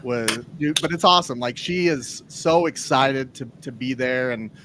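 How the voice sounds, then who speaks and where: A man's voice: medium pitch, moderate pace, noisy background. A man hosting a football podcast in an upbeat, chatty way, steering the conversation. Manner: upbeat, chatty, guides the talk. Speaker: podcast host. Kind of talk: casual sports chat.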